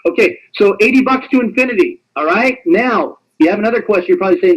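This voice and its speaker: A man presenting a sales pitch on a webinar, in an animated, teasing, repetitive salesman patter. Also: fast talker, husky, lo-fi sound.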